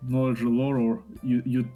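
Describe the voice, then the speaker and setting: A man playing a tabletop game who chats casually, stammers, swears freely and gets excitable. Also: medium pitch, a little slow, faint music behind. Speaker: player.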